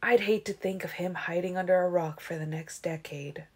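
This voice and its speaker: A woman voicing a calm, kindly male vampire patriarch in an audiobook reading. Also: lowish voice, normal speed, breathy edge.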